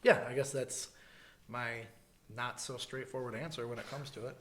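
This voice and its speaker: A man's voice: medium pitch, steady tone, moderate pace, a crowd in the background. A man from the American Midwest co-hosting a podcast, chatting casually with a joking, laid-back manner and lots of fillers. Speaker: podcast co-host. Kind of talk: casual chat.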